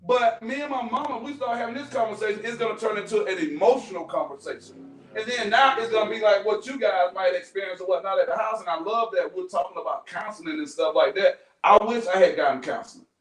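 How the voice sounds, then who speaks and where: A man hosting a podcast, talking with teens in an animated, storytelling way. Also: high voice, fast talker, faint music behind. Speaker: podcast host. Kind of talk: casual group discussion. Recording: echoey room from far off.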